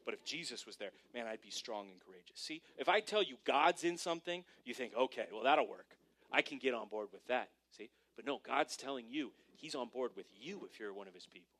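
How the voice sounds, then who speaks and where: A male pastor delivering a sermon to a congregation, preaching animatedly and swinging between hushed and emphatic delivery. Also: mid-range voice. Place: church service before a congregation.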